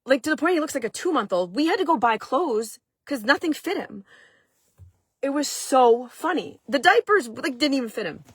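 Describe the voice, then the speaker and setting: Husky-voiced woman telling a story. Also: high voice, animated, normal speed, fairly bright tone, no room sound. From Maine. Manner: chatty, lots of "like" fillers. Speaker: vlog host. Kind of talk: casual storytelling.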